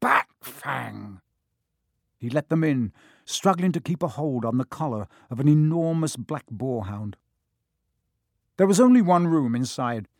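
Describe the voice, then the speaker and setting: A man reading a children's novel aloud in a measured, expressive storybook narration. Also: fairly high pitch, dry recording, studio quality. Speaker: audiobook narrator.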